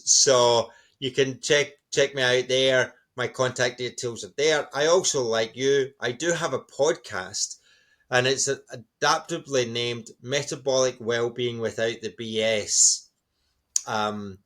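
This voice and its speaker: Enthusiastic middle-aged man, mid-pitched. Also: a bit bright. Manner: enthusiastic, encouraging. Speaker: guest speaker. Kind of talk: conversational interview answers.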